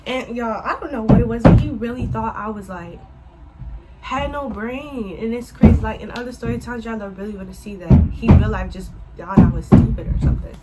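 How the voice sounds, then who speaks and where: A woman telling a casual storytime to her viewers, animated and swearing freely as she addresses them as y'all. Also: a little high, brisk, over loud music, low-quality recording. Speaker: vlogger.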